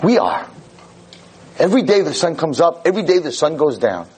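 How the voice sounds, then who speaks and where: A man giving a Jewish lecture, telling a story in an animated, digressive way. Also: on the high side, brisk, slight background noise, low-quality recording.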